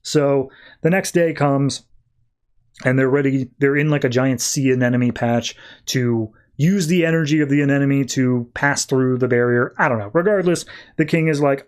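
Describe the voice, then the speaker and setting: A man's voice: medium pitch, normal speed, smooth. A man hosting a podcast, casually recapping a comic book in a rambling, filler-heavy way. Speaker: podcast host.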